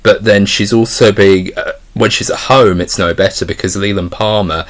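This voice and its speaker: A young man with a low voice talks through a film review off the cuff. He rambles, stumbles over restarts and leans on fillers as he goes. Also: fairly even intonation, moderate pace. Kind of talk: casual spoken film review.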